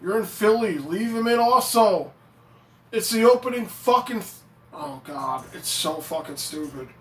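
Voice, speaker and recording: A man's voice: sits high, lively intonation, measured pace, a bit bright. A man ranting on a live stream as a fan reacting to a game, swearing freely, getting fired up and reading viewer chat aloud. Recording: echoey room.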